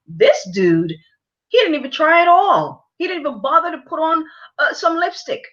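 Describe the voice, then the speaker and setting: A woman vlogger giving her opinions to camera, halting with many fillers and repeated words, and lecturing her audience emphatically. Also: high-pitched, very animated, fairly bright tone, muffled recording.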